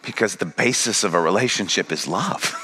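A man's voice: low voice, expressive, normal speed, sharp tone, breathy edge. A man preaching a sermon, paraphrasing Jesus and building to a pressing, rising delivery. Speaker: pastor.

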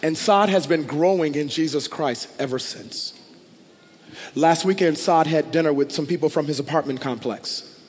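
A man preaching a sermon as a pastor, impassioned and building to loud declarations. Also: a little high, moderate pace. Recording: long hall reverb.

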